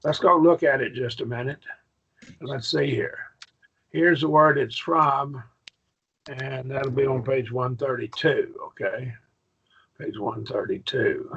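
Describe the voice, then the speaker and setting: A man's voice: medium pitch, takes it slowly, gravelly, long pauses, fairly bright tone, slightly rough, muffled recording. A man teaching a Greek grammar class in a patient manner, often checking in with his students. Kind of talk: classroom lesson.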